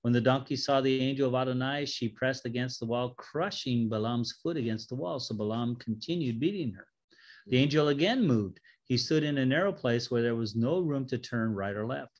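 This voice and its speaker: A man's voice: medium pitch, fairly quick, lo-fi sound. A man teaching a Bible study, reading scripture aloud and stopping to joke and explain it in a casual way.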